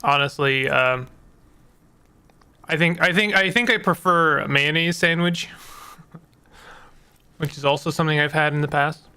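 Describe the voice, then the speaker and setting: A man's voice: on the high side, measured pace, pauses often, sharp tone, clear, resonant tone. A man giving casual, rambling commentary while playing a video game, joking at his own expense. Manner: rambling, self-mocking jokes, laughs often.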